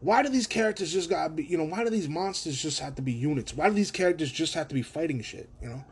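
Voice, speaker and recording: A man hosting a casual solo podcast from his own room, rambling, swearing and animated. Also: fairly high pitch, fast, breathy edge. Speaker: podcast host.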